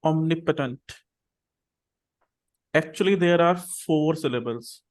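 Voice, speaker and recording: A man with a slightly raised pitch teaches English to a small online class. He speaks patiently over a video call. He says words slowly and repeats them so his students can copy them.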